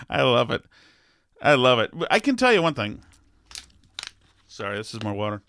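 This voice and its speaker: A man's voice: mid-range voice, a bit bright, no room sound. A man talking casually on his own, hesitant with many restarts, laughing as he reads comments aloud. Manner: halting, many restarts, laughs while reading. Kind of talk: casual solo talk, reading comments aloud.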